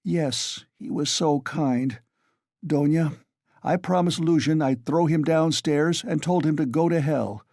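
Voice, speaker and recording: A man's voice: a little high, measured pace, warm tone, no echo, studio quality, pitched above the performer's own voice. A man voicing a feverish, irritable young man who snaps and insists. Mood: insistent. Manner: snapping, insistent.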